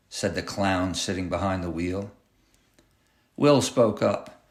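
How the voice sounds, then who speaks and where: A man reading his own short story aloud in a measured, dramatic audiobook narration. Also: low voice. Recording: roomy echoey room.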